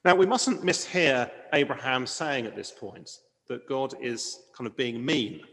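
A man's voice: medium pitch, measured pace, vocal fry, long reverb tail. A man preaching a sermon in an earnest manner, asking rhetorical questions and leaning on key words. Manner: earnest, varies loudness for emphasis, rhetorical questions.

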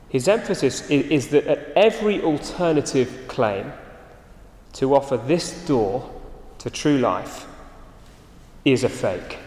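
Male preacher, mid pitch, emphatic sermon delivery, reverberant hall sound. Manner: earnest, emphatic, drops to soft low endings.

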